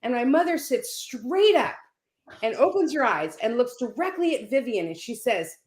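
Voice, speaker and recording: A woman telling a personal story as a guest on a video call, animated and often checking in with "right?". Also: a little high, moderate pace. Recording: roomy echo.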